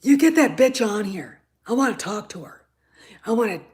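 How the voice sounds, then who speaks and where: A woman hosting her own show, ranting in anger, swearing freely, stammering and repeating herself, dropping from shouts to muttered asides. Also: fairly high pitch, lively intonation, moderate pace. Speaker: show host. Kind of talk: angry ranting commentary.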